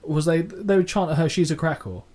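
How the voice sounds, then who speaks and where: Sweary, jokey man, slightly high voice. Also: quick pace, a crowd in the background. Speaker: podcast co-host. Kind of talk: casual chat.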